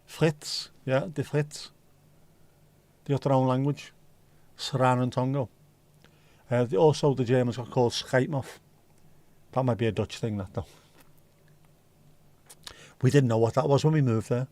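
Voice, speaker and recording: A man's voice: mid-range voice, fairly even intonation, a little slow, pauses often, a little mellow. A tired man hosting a casual livestream, rambling and reacting to chat with the odd swear word. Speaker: livestream host.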